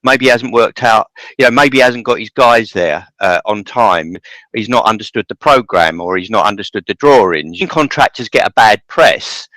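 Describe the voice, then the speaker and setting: A man's voice: lowish voice, lively intonation, normal speed, fairly bright tone, dry recording, rough recording. A man hosting a podcast, talking in long rambling turns with many restarts. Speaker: podcast host. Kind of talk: casual podcast interview.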